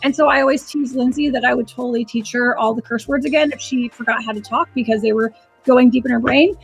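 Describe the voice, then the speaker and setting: A woman's voice: a little high, steady tone, quick pace, slightly rough, faint music behind. A woman hosting a live psychic reading stream, talking in a chatty, rambling way and often restarting her sentences. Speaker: psychic and animal communicator host.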